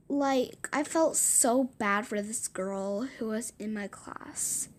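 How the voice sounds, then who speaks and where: A woman with a fairly high voice narrates a casual storytime at an unhurried, slow pace. She rambles and circles back over the same words, restarting her sentences. Now and then she drops into a whispered aside.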